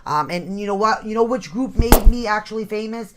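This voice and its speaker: A live stream host chatting casually, enthusiastic and quick to affirm the guests. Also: medium pitch, a bit bright, slight background noise. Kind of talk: casual chat.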